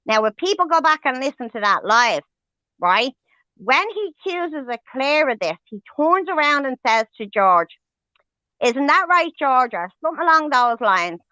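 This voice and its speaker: A woman's voice: high-pitched, animated, normal speed, pushed and bright, dry recording. A woman hosting a livestream, ranting angrily and swearing with heavy emphasis. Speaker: livestream host. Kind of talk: heated livestream rant. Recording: dull lo-fi stream audio.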